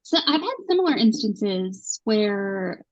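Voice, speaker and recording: A woman co-hosting a casual chat, speaking in a relaxed, conversational way over a video call. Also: mid-range voice, takes it slowly. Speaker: co-host. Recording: dull lo-fi video call audio.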